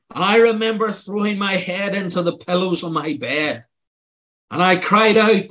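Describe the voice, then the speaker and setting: A man's voice: high voice, measured pace, bright, forceful tone. An older man preaching a sermon, telling his own testimony in an earnest, pleading way that rises to emphatic outbursts.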